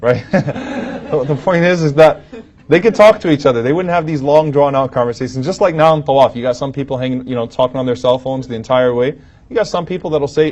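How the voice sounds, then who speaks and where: Man giving a lively religious lecture. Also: mid-range voice, brisk. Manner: lively storytelling, acting out quoted lines with humor. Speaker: Islamic teacher lecturing. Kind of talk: religious lecture to a live audience. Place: lecture hall at a podium. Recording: dull, muffled lo-fi recording.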